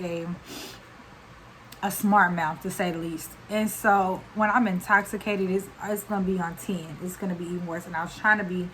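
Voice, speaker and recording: A woman's voice: medium pitch, a bit bright, slight background noise, rough recording. Chatty young woman telling a story. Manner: chatty, slangy, runs on with fillers. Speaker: vlogger. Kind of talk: casual storytime.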